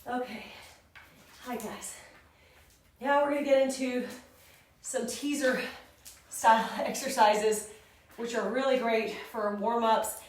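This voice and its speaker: A woman fitness instructor cues poses and counts reps while short of breath, speaking at an unhurried pace. Her voice is a little higher than most. She sounds set back from the mic in a very echoey room. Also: distant mic, a little hiss or hum. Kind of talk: workout instruction.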